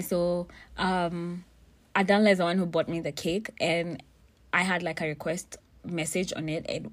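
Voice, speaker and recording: A young woman telling a personal story in a blunt, profane, animated way to her audience. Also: fairly low pitch. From Kenya. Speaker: vlogger. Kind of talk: casual storytelling monologue.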